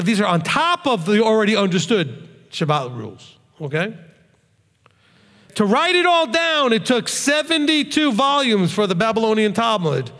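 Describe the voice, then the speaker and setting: A man's voice: sits high, fairly bright tone. A man preaching a sermon to his congregation as their rabbi, talking conversationally and often checking in with "okay?". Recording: long reverb of a hall.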